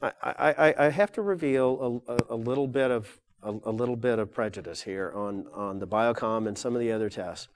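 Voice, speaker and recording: A man's voice: mid-range voice, a little fast, hardly any pauses. Older man lecturing, rambling and self-correcting. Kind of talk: live lecture to an audience. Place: lecture room with audience.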